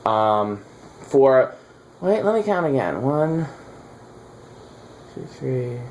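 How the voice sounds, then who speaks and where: Testing ceiling fans in a casual chat, the male host has a mid-range, slightly mellow voice that swings widely in pitch and stretches out his words. He's a fan collector who rambles and teases, filling gaps with fillers, over faint background noise.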